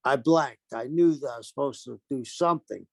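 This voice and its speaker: An older man, a retired pro wrestler, telling animated stories in an interview and acting out the quotes. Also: medium pitch, brisk, gravelly, dry recording. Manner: animated anecdotes with acted-out quotes. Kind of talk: storytelling interview.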